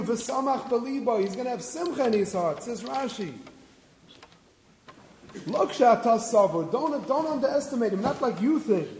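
High-pitched man preaching in an echoey hall. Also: darkish tone. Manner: earnest, explains with rhetorical questions and Hebrew quotes. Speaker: rabbi giving a Torah talk. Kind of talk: sermon. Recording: echoey hall with faint noise.

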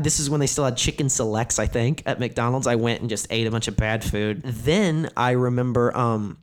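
Barely pausing, a medium-pitched man speaks briskly as a comedian guest in his thirties. He rambles through candid anecdotes, cursing frequently and saying "like" over and over.

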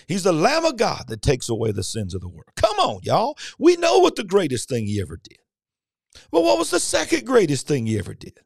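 A fervent preacher, his voice leaping from low, steady stretches into high, ringing swells. He drives his points with emphatic rhetorical questions in a dry, close recording. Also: creaky, no room sound. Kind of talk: podcast sermon.

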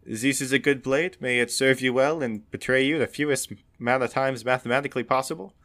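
A man's voice: medium pitch, fairly quick, fairly bright tone, pitched above the performer's own voice, natural voice. A man voicing a polite male weapons shopkeeper with a faintly sardonic, courteous manner.

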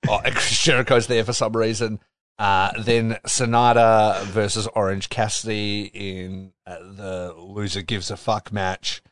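A man's voice: fairly low pitch, level tone, measured pace, fairly bright tone, no echo, studio quality. A man co-hosting a casual wrestling podcast, laughing often and speeding up when he recaps. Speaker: podcast co-host.

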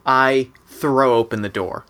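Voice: medium pitch, fairly even intonation, slow pace, fairly bright tone. A tabletop game player describing their character's actions in first person, often stammering and restarting.

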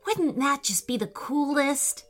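A woman voicing Chase, an excitable young boy who loves dinosaurs. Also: measured pace, soft background music. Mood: excited. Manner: high, eager and excited.

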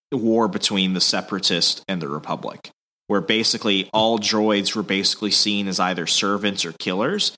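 Bright-voiced man casually recapping comics. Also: on the low side. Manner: casual, loose, swears, many fillers. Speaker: podcast host.

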